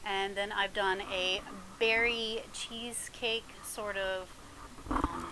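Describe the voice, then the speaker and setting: A woman's voice: mid-range voice, steady tone, slow, heavy background noise. A woman chatting casually at home in a mukbang vlog, rambling with lots of ums and little laughs. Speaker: vlogger. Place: home, alone in the house. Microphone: mic in front of her.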